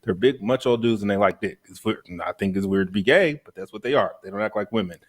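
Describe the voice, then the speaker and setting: A man arguing his point in a heated casual podcast debate, repeating himself and dropping his voice low when he insists. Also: quick pace.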